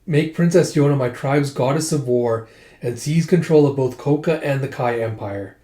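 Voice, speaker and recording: A man's voice: mid-range voice, normal speed, warm tone, roomy sound, lightly acted. A man voicing a brash, cocky male warrior king from a comic, blunt and offhand.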